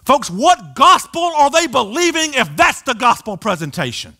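Animated high-voiced man preaching. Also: normal speed. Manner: animated preaching, acting out voices of crowds and Jesus. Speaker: pastor. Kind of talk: sermon. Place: church sanctuary.

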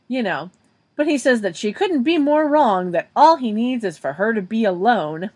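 A woman's voice: fairly high pitch, normal speed, slightly rough. A woman co-hosting a podcast, recapping a TV episode scene by scene in casual chat. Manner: animated, narrates episode scenes in detail. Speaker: podcast co-host.

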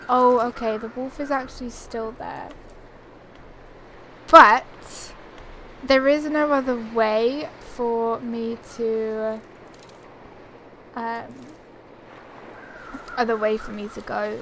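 A woman's voice: high-pitched, slight background noise. A young woman chatting casually as she plays a survival video game, rambling and thinking aloud at her computer. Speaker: gaming channel host. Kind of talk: casual gameplay commentary.

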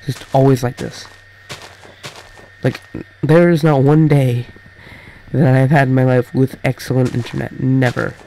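A teenage boy chatting casually over his gameplay, rambling and halting, full of fillers and restarts. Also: mid-range voice, flat delivery, vocal fry, warm tone, slight background noise, low-quality recording. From Canada. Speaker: gaming YouTuber.

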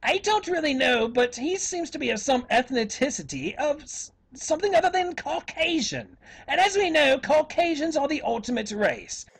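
A man's voice: extremely high pitch, sing-song, moderate pace, fairly bright tone, full character voice. A man putting on a British accent as an evil professor persona, ranting and cursing at other video makers. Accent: put-on British. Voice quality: profane, insulting rants. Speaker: YouTube commentator.

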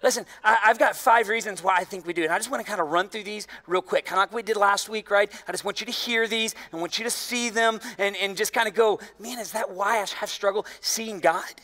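High, bright-voiced preacher man. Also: a little fast, few pauses, in a large hall. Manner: emphatic, animated preaching with frequent "man" and "y'all". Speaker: pastor. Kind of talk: sermon.

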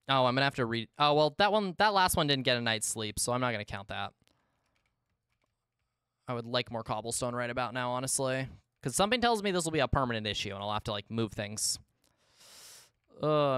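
Chatty male streamer with a smooth voice. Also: mid-range voice, dry recording, clean studio sound. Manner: talks to himself and chat, exasperated outbursts, swings between loud yelps and mumbling. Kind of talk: casual live gameplay commentary. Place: his room at home.

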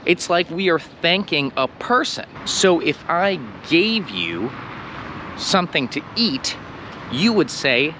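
A man's voice: a little high, sharp tone, slight background noise. An American man teaching English in a casual video lesson, playful and fond of acting out little scenes.

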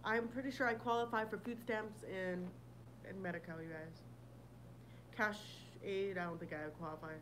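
A woman with a medium-pitched, steady voice hosts a casual livestream at a normal speed, with background noise audible. She answers viewer comments bluntly, swearing a lot and laughing often.

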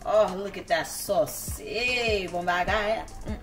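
A woman's voice: medium pitch, slow pace, soft background music. Heated, profane woman vlogger. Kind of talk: storytime vlog. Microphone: camera.

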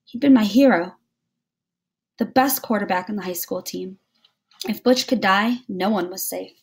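A woman teacher reading a novel aloud to a class, with steady storytelling. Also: medium pitch, normal speed, slightly rough.

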